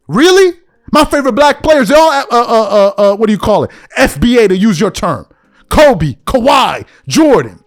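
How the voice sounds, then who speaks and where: A man hosting a podcast, venting in a heated, repetitive, emphatic rant straight to the audience. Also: extremely high pitch. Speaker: podcast host.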